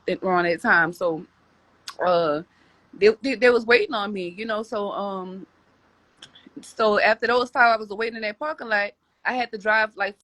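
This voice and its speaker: A woman's voice: mid-range voice, pushed and bright, dry recording. A woman telling a personal story as a podcast guest, rambling with many restarts and repeated words.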